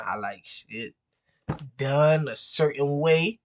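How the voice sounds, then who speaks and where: Slow-talking, venting man vlogger. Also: mid-range voice. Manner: frustrated, repetitive, peppers every phrase with "bro". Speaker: real estate wholesaler vlogger. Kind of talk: casual profane venting to camera.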